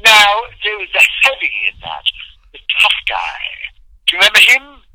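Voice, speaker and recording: A man voicing an eccentric, grandiose character who plans his own wedding in a theatrical, slow, self-satisfied way. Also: high voice, huge pitch swings, sharp tone, dry recording, full character voice, poor audio.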